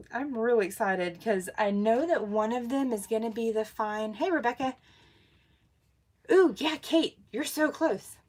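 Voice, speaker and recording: A woman's voice: a little high, a little hiss or hum. A woman, hosting a casual craft livestream, bubbly, laughing often and greeting viewers by name. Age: 40s.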